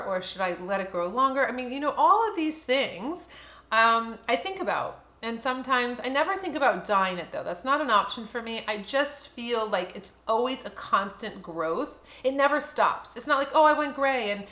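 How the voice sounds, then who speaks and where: A woman's voice: mid-range voice, pushed and bright, reverberant. A woman in her fifties talking candidly and casually to camera as a beauty vlogger, chatty and full of fillers.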